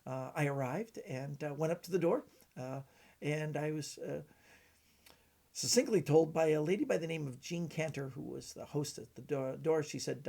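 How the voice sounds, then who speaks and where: A middle-aged man from Canada, telling stories in a halting way with many fillers. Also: a little high, vocal fry, mellow. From British Columbia, Canada. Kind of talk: casual storytelling.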